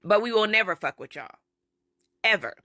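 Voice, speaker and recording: A woman, blunt and exasperated, swearing through a profane rant. Her voice is bright and sharp, recorded dry and close. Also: medium pitch, lively intonation, moderate pace, dry recording. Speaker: commentator. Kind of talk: profane social media rant.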